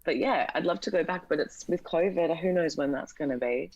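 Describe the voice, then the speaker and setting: A woman's voice: sits low, fairly quick, a little mellow, no room sound, dull audio. A young Australian woman in casual podcast chat, chatty and full of "like". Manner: chatty, says "like" a lot, slips into put-on accents. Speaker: podcast guest.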